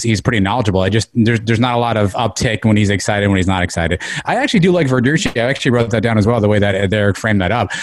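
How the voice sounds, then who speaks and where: A man's voice: mid-range voice, dry recording. A man giving opinionated casual sports talk as a podcast panelist, with many restarts.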